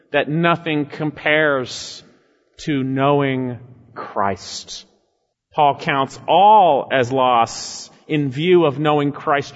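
A man preaching an expository sermon, emphatic, rising on key phrases and sinking low and slow at the end of a thought. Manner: emphatic, swells in pitch and volume on key phrases, drops low and slow at line ends. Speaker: pastor. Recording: muffled sound with long hall reverb.

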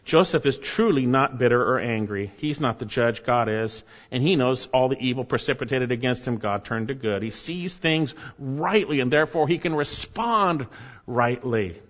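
A man's voice: mid-range voice, moderate pace. A man preaching a sermon as pastor, earnest, with rising emphasis and asides to the congregation. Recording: dull, hall reverb.

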